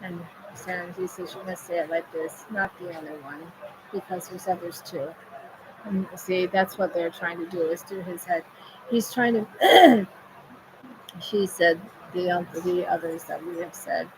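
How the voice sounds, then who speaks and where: Low, flat-voiced woman medium. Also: moderate pace. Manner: repetitive, chant-like phrasing. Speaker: spirit medium relaying messages. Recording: steady background noise.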